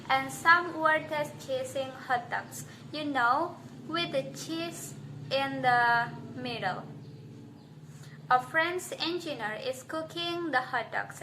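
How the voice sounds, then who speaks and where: A woman with a high, bright voice gives a talk from a stage in front of a live audience. She speaks English as her first language and delivers her points slowly and with emphasis, often turning to the crowd with direct questions. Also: a little hiss or hum. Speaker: conference speaker.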